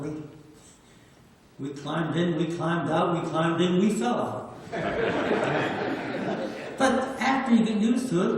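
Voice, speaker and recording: Older veteran, nineties, raised man's voice, homespun storyteller, miked from a distance in a booming hall. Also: darkish tone, slight background noise. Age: 90s. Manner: plain-spoken, anecdotal, repeats words for emphasis. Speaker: WWII veteran speaker. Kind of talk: storytelling talk. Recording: echoey hall, distant mic.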